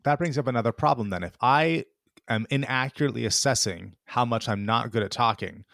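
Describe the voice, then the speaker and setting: A man's voice: fairly low pitch, fairly bright tone, no echo, clean studio sound. A man hosting a podcast interview, posing thoughtful follow-up questions to his guest. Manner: thoughtful, asks probing questions. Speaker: podcast host.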